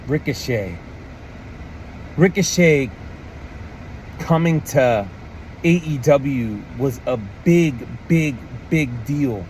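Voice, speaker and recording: Over slight background noise, a man with a mid-range voice talks slowly through a profane, casual rant about wrestling. He's animated, keeps saying "man" and "like," and mocks people by putting on voices.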